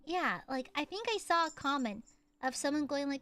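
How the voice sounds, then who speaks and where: A woman's voice: high voice, expressive, moderate pace, pushed and bright. A young woman streaming casually as a VTuber, playful and jokey, often breaking into laughs and squeals. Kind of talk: casual livestream chat.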